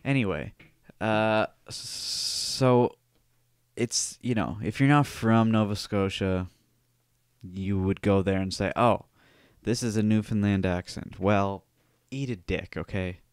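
A podcast host from Cape Breton in Canada, chatting in a rambling, wry and profane way. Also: male voice, lowish voice, takes it slowly, clear, resonant tone, no room sound, clean studio sound. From Cape Breton Island, Canada. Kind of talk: casual podcast chat.

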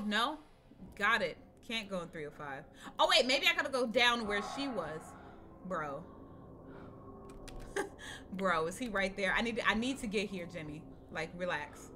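A woman's voice: mid-range voice, lively intonation, unhurried, long pauses, background noise. A young woman streaming a horror game, chatting casually with viewers, swearing, repeating herself and laughing often. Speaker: gaming streamer. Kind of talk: casual live-stream commentary. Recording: game music behind voice.

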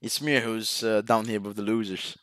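A man commentating his own ranked match over a headset, teasing and mock-insulting his teammates, with sudden loud outbursts. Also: on the low side, fairly even intonation, moderate pace, no echo, clean studio sound. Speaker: gaming video host. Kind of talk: live gameplay commentary over voice chat.

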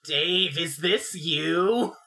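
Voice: medium pitch, drawn-out words. A podcast co-host with a wry, teasing manner, chatting casually. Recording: loud background noise on the mic.

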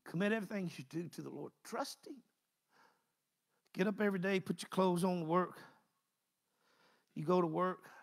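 A man's voice: high voice, gravelly. A man preaching a conversational sermon, folksy and repeating phrases in driving bursts.

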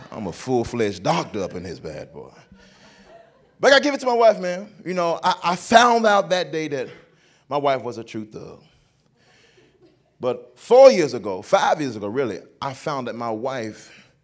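Animated Southern comedian, lively pitch. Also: male voice. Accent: Southern American. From North Carolina, USA. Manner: animated storytelling, laughing, bursts of shouting. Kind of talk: stand-up comedy.

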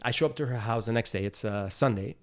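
A man's voice: medium pitch, quick pace. A man being interviewed as a guest, telling a personal story in a loose, casual way full of "like" and "you know.". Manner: acts out his own past thoughts in quotes. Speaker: interview guest, TV host and producer.

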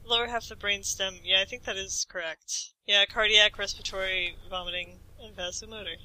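Podcast co-host, very bright sharp voice, matter-of-fact asides. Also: medium pitch, steady tone, brisk, rough recording. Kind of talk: casual book-discussion podcast.

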